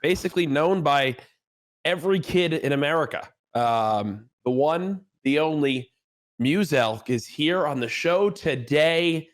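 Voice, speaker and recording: A man's voice: fairly high pitch, unhurried. A man co-hosting a podcast, introducing a guest in a playful, teasing showman style. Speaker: podcast co-host. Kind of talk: casual podcast chat.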